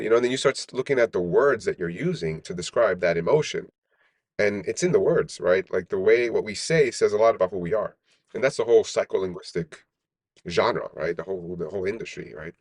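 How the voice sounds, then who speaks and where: A low-pitched man speaks as a podcast guest, explaining his work in a loose, rambling way and checking in with "right?" again and again. The sound is dry and close, with no room echo. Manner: rambling, frequent "right?" tags and restarts. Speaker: startup founder, guest. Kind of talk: casual podcast interview.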